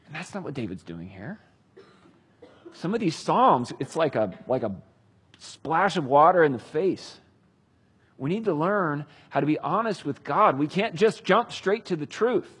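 A man preaching a sermon, earnest and swinging between loud emphasis and hushed tenderness. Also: a little high, sing-song, measured pace, breathy edge. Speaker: pastor.

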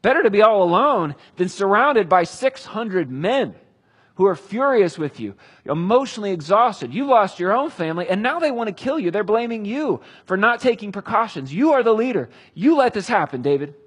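A man in his thirties preaching a sermon, retelling a story in an earnest way with dramatic pauses. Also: sits high, sing-song, breathy edge. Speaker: pastor.

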